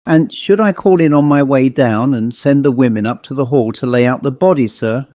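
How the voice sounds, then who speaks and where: A man's voice: medium pitch, normal speed, mellow, dry recording, dull audio, close to an everyday voice. A man voicing a humble, fretful village parish clerk with a rustic way of speaking. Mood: shocked. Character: deferential, easily shocked male parish clerk.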